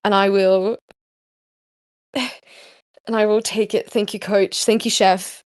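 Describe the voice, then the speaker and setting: A woman hosting a casual live chat, soft-spoken, giggly and rambling. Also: medium pitch, little pitch movement, slow pace, dry recording, clean studio sound. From Australia. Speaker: host.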